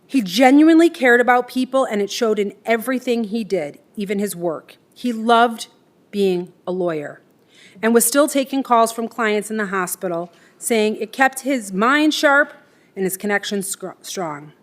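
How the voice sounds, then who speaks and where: A woman reads a eulogy for her father. Her delivery is tender and steady, with emotion running underneath it. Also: a little high, moderate pace. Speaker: daughter giving a eulogy. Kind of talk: read eulogy.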